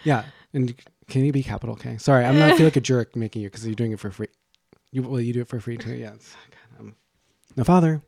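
Gravelly-voiced man riffing on a podcast. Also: mid-range voice, darkish tone, no room sound, clean studio sound. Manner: rambling, jokey, quick asides. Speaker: podcast co-host. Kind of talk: casual chat.

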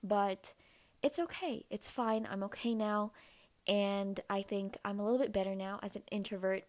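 A young woman in casual storytelling mode, chatting on her own podcast. She talks loosely with plenty of "like" fillers, at an ordinary middle pitch. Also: flat delivery, moderate pace. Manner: chatty, many "like" fillers, acts out quoted voices in a higher pitch. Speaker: podcast host.

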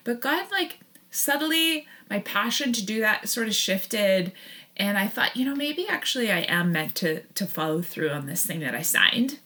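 A woman in her thirties speaks as a podcast guest with a bright, sharp tone at a middling pitch. She tells a long personal story, often breaking off mid-sentence, correcting herself and laughing as she goes. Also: very animated, normal speed. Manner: rambling, self-interrupting, laughs often. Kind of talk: casual storytelling interview.

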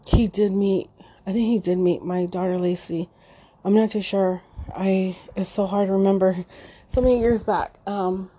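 A middle-aged woman talking unscripted and emotionally, halting with many fillers and restarts, choked up and near tears. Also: mid-range voice, mellow, slightly rough. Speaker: podcast host. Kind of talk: unscripted personal monologue.

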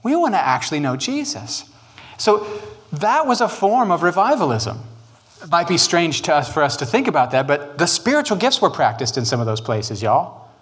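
A man, preaching a sermon on church history in an animated, joking way. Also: a little high. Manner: animated, joking, quick asides and put-on quotes. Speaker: pastor.

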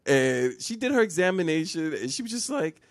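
Laughing a lot and restarting sentences, a podcast co-host shares a comic story from his own life. His slightly high voice swings widely in pitch at a brisk pace. The audio is studio quality with no room sound.

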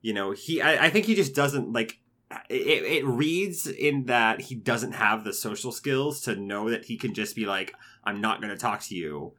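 Bright-voiced rambling man reviewing a film. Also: mid-range voice, animated, a little slow. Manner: rambling, emotional, lots of fillers and profanity. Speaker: podcast co-host. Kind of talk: casual movie review chat.

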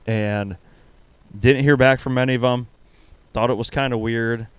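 A man, telling a story to friends on a podcast. His voice is smooth and resonant, in a middle register, recorded close and dry. He acts out what everyone said as he goes. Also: mid-range voice, unhurried, no echo. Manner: animated storyteller, acts out quoted lines. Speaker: podcast co-host. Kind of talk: casual storytelling among friends.

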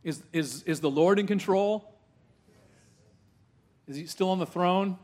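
Animated male preacher peppering his congregation with questions. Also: high voice, a little slow. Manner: swings from hushed asides to loud, rising exclamations. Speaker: pastor. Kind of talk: sermon. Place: church sanctuary with a live congregation.

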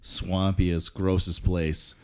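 A man hosting a casual chat, joking and cutting in with quick asides. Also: deep voice, level tone.

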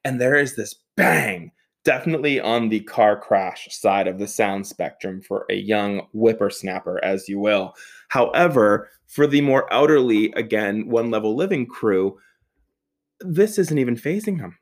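Animated, laughing young male storyteller. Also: on the low side. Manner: animated, laughing often, swearing, with quick asides. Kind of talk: comic personal anecdote.

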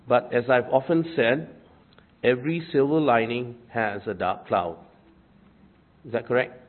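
A man's voice: medium pitch, moderate pace. A man preaching a sermon with dry, self-deprecating humor and chatty asides. He is getting over a cold and coughs now and then. The sound is thin and tinny, like a phone line. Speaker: pastor. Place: church.

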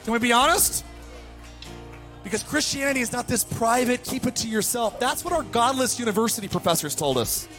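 A man preaching a fired-up sermon to his church, swinging from hushed passages to shouted ones. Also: extremely high pitch, lively intonation, brisk, faint music behind. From United States. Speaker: pastor.

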